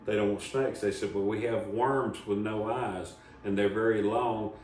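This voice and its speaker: A man's voice: on the low side, steady tone, normal speed, a little mellow. Man, folksy storyteller, rambling comic host, echoey room, mic a bit distant. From Southern Appalachia, US. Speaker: comedy show host. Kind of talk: casual storytelling. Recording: echoey room, voice from a distance, faint background noise.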